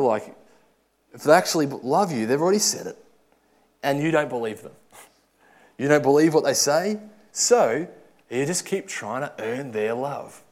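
A man preaching a sermon, earnest, swinging from loud urging to soft, quiet asides. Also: medium pitch.

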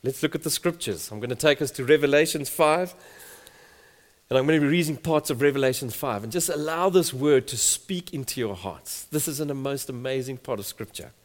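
A man's voice: mid-range voice, fairly quick. A man preaching a sermon, reading scripture emphatically and building in volume. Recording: long hall reverb.

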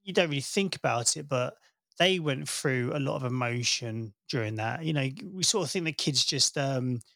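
A man in his thirties chatting casually, telling a warm family story and acting out the voices he quotes. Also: mid-range voice, moderate pace, creaky, no room sound, studio quality. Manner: warm storytelling, animated when quoting. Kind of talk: casual chat.

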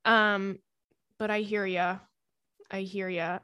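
A young woman hosting a casual advice podcast, chatty and animated, often laughing while she reads listener emails aloud. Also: medium pitch, slow pace, pauses often, smooth, no room sound, studio quality. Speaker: podcast host giving advice.

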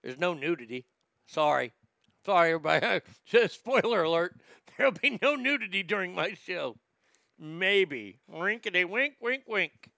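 A man's voice: sits high, big pitch swings, normal speed, vocal fry, sharp tone, no echo, studio quality. A male comedian hosting a livestream, reading chat aloud and ranting in a blunt, profane way. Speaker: comedian host.

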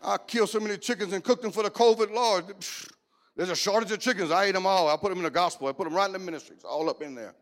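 High-voiced Cajun preacher man. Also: fast. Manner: joking, animated, breaking into shouts and whoops. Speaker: pastor. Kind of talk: humorous preaching.

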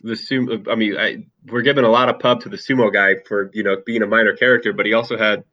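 A man's voice: lowish voice, fast talker, highs cut off. A man chatting casually about a movie and his school football days, rambling a little with many fillers. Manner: relaxed and talkative, with many fillers. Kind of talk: casual chat.

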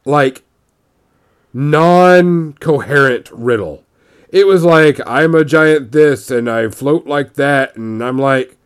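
A man's voice: medium pitch, darkish tone. A man casually telling a tabletop gaming story, rambling with frequent restarts and quoted voices.

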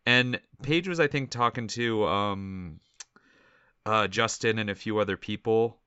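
A man's voice: lowish voice, a little slow, bright, forceful tone, smooth, no echo, lo-fi sound. A man chatting casually as a podcast co-host, recalling events in a rambling way with fillers. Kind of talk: casual chat.

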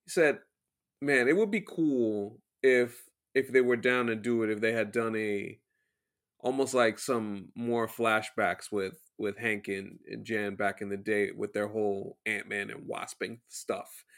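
A man's voice: lowish voice, steady tone, a little slow, a bit bright. A man co-hosting a podcast in casual chat, easygoing and prone to digressions. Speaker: podcast co-host.

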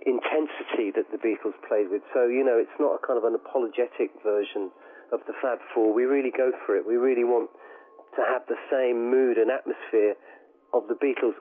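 A man's voice: medium pitch, steady tone, fairly quick. A middle-aged man with a slight southern English accent, answering radio interview questions enthusiastically and rambling with restarts. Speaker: guest musician. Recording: tinny phone line.

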